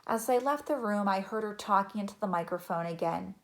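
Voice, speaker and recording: A woman narrating a children's chapter book in a gentle, even reading voice. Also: medium pitch, fairly quick, hardly any pauses. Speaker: audiobook narrator. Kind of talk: storybook narration.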